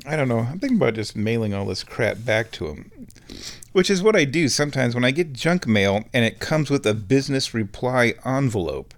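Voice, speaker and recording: A man around fifty talks through a loose solo monologue from his home, rambling from one gripe to the next. His delivery is wry and dry, and he chuckles at his own jokes in a voice of ordinary middle pitch. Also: animated, fairly quick. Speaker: podcast host.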